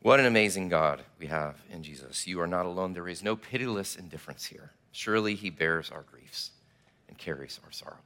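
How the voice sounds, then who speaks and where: A man preaching a sermon, telling the story with animated, acted-out delivery. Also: low-pitched, a little fast. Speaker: pastor.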